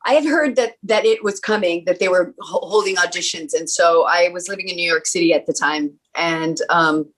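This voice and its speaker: A woman, an actress at a film reunion panel, chatting casually and laughing easily, her voice softening toward the ends of phrases. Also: lowish voice, moderate pace, few pauses. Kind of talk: casual chat.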